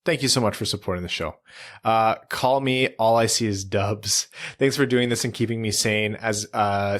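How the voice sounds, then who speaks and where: Lower-voiced man co-hosting a podcast. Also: fairly bright tone. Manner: laughing, reads listener messages. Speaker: podcast co-host. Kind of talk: casual podcast chat.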